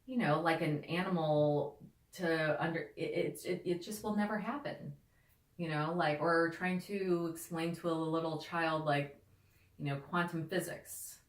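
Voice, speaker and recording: A woman's voice: low-pitched, steady tone, a little slow. A woman guest who talks about holistic healing in a loose, casual way, filling her speech with "like" and "you know.". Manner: rambling, heavy with "like" and "you know". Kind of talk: casual conversational interview talk. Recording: echoey room.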